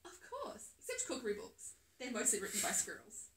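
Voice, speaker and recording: A polished storybook professor who speaks with mock grandeur, put on by a woman reading. The voice is bright and moves a lot in pitch. It is recorded from a distance in an echoey room. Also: huge pitch swings, fairly quick, slight background noise. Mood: knowing. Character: smooth-talking male professor, a disguised villain rabbit. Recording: echoey room, phone held away.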